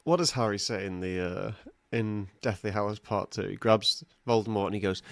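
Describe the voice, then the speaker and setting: A man's voice: fairly low pitch, normal speed, vocal fry, few pauses, no echo. A man co-hosting a podcast in casual, self-mocking chat, laughing often. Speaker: podcast co-host.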